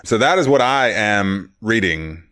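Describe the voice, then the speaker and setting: A man's voice: lowish voice, animated, unhurried, fairly bright tone, no room sound, studio quality. A man co-hosting a podcast in casual chat, rambling and wry, often correcting himself. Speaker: podcast co-host.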